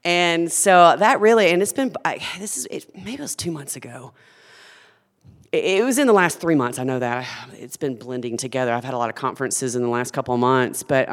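A woman's voice: deep voice, in a large hall. A woman who founded a food company, talking earnestly and with passion as a guest in a conversational interview.

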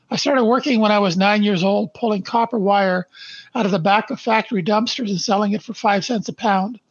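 An older man from Canada, a podcast guest who speaks slowly and deliberately, stressing his points and then reading his life story aloud. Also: sits high, breathy edge, no echo, highs cut off. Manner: slow, deliberate and emphatic.

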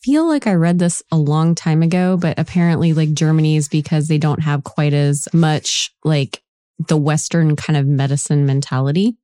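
A woman's voice: low voice, moderate pace, warm tone, no room sound, studio quality. A woman interviewing a guest, with brief, supportive comments. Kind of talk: conversational interview.

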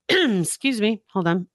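A man's voice: high-pitched, takes it slowly, no room sound. A man co-hosting a podcast, telling a story in casual chat and acting out the scenes as he goes. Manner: animated storyteller, acts out screams. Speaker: podcast co-host.

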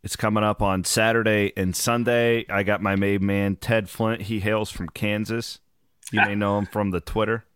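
A man hosting his podcast in casual chat, hoarse from travel, telling loose, rambling stories with the odd swear. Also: lowish voice, little pitch movement, normal speed, a bit bright, no echo, clean studio sound. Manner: loose, rambling, profane storytelling. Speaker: podcast host.

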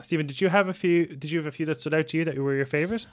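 A man co-hosting a podcast, relaxed and steering the chat with questions. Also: on the high side, rapid-fire. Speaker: podcast co-host.

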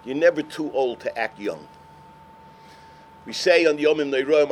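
An older man, a rabbi, telling stories in a sermon, swinging from shouts to hushed words. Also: fairly high pitch, expressive, moderate pace, slight background noise. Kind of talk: sermon storytelling.

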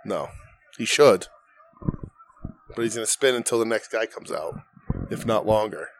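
A man's voice: lowish voice, moderate pace, background noise. Chill guy on a podcast calling wrestling moves, jokey with nicknames. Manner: laid-back, play-by-play style rundown with playful nicknames. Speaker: podcast co-host. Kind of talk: casual chat during a live watch-along.

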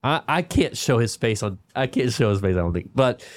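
A man hosting a casual golf podcast, telling a long story in animated bursts, quoting people quickly and laughing often. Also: medium pitch. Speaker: podcast host.

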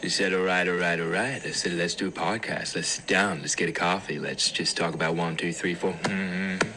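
A man putting on a deep, laid-back voice as a podcast intro announcer, drawling slowly. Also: steady tone, background noise, lightly acted.

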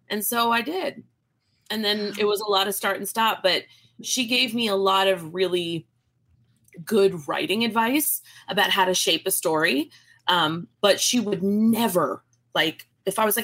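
A woman in her thirties talks casually as a guest in an interview. She tells stories with lots of energy and puts on quick voices for the people she quotes. Her pitch sits in the middle for a woman. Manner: animated storyteller, acts out quoted voices. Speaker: guest author.

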